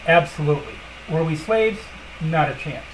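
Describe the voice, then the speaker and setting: A woman's voice: deep voice, animated, normal speed, slight background noise, rough recording. A woman hosting a casual livestream, talking bluntly and emphatically with lots of fillers and asides at her computer. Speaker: livestream host.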